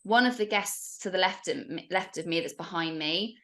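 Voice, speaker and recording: A woman's voice: on the low side, moderate pace, few pauses. A woman, a podcast guest, telling a story in casual chat and acting out the voices of other people. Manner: animated, acts out the voices of others.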